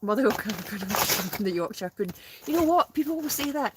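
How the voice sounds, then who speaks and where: A woman's voice: mid-range voice, animated, brisk, few pauses, heavy background noise. A woman chatting casually in a smoky tent on a live stream, reading out comments and laughing often. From Scotland. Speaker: guest, host's sister.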